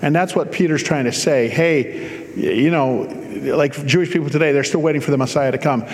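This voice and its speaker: A man's voice: on the high side, brisk, big-room sound. A man preaching a sermon, reading scripture aloud and breaking off for casual, joking asides to explain it.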